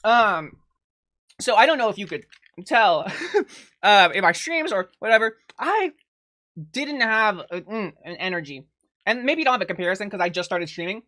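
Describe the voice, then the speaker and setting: A young woman chatting casually and swearing a lot while eating on a live stream, close to a desk mic, breaking into laughs and loud outbursts. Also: medium pitch, animated, normal speed, long pauses.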